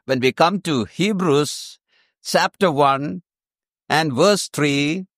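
A man preaching a sermon, slow and emphatic, repeating his key phrases. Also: on the high side, a bit bright, no echo, clean studio sound.

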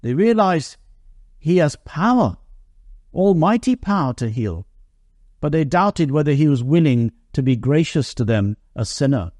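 A man preaching a sermon, reading Bible verses in an earnest voice that slows and lifts on the quoted lines. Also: a little high, darkish tone, dry recording.

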